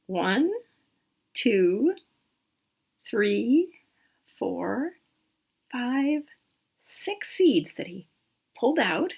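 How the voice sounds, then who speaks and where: A woman reading a picture book aloud to small children in an animated, interactive way. She asks questions, points out details and counts along with them. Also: medium pitch, vocal fry, husky. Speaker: storytime reader.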